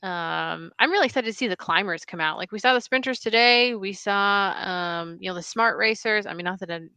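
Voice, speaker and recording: A woman's voice: medium pitch, fairly quick, pushed and bright, smooth, dry recording. A woman co-hosting casual live commentary on an online cycling race, upbeat and enthusiastic with frequent fillers.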